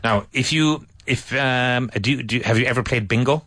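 A man's voice: medium pitch, moderate pace, fairly bright tone. A man teaching an English conversation class, asking drill questions and patiently correcting and praising his students.

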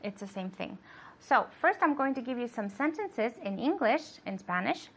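Her voice sits on the high side, husky yet fairly bright, swinging widely in pitch at a moderate pace. She's an English teacher running a bilingual lesson, offering sentences for translation and saying "okay" often as she patiently encourages the learner.

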